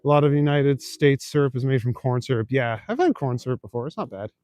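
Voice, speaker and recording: This medium-pitched man talks fast, and the recording has studio quality with no echo and faint music behind him. He's a young Northern Ontario, Canada native strolling city back streets at night while chatting with his live stream audience. Relaxed and casually profane, he reads the chat and responds to it.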